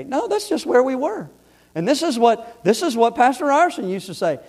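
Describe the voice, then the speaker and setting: A man with a notably high voice delivers a sermon from the pulpit of a church. His talk is folksy and plain-spoken, and it swells into loud, emphatic exhortation. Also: big pitch swings, normal speed. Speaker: pastor. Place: church sanctuary.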